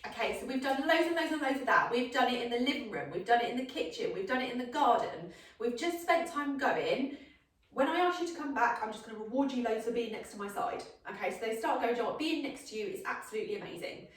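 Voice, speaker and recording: A woman's voice: fairly high pitch, lively intonation, fast. A woman, a dog trainer giving an upbeat demonstration, often checking in with "okay?". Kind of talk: instructional demonstration. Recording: echoey, mic far off.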